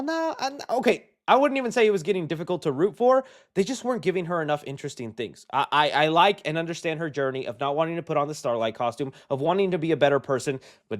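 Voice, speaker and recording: Guy doing a casual review, bouncy pitch all over, slangy and chatty. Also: a bit bright. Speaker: show reviewer.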